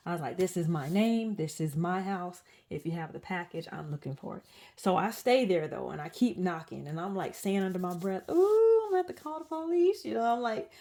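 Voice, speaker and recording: A woman's voice: mid-range voice, warm tone. A woman telling a rambling story in a casual home vlog, full of fillers and restarts while she changes a doll. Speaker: reborn doll artist.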